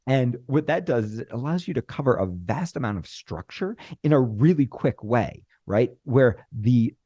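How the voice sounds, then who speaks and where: A middle-aged man teaching screenwriting, talking animatedly, with deliberate pauses and acted-out bits of dialogue. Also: medium pitch, lively intonation, warm tone, slightly rough, dry recording. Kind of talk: instructional talk.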